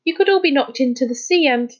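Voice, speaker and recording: A woman's voice: sits high, lively intonation, fast, muffled recording, voice pushed up. A woman voicing a fretful, cautious girl. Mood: worried. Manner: fretful, scolding. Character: cautious, worried young girl. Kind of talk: storybook reading.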